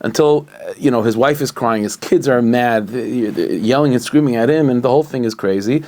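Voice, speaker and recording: A man, a rabbi, telling a story in an animated, conversational way with frequent restarts. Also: mid-range voice, brisk.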